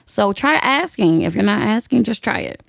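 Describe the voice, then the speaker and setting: A woman's voice: mid-range voice, expressive, normal speed, creaky, dry recording, studio quality. A young woman hosting a podcast, giving blunt, profane advice in casual chat and laughing often. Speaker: podcast host.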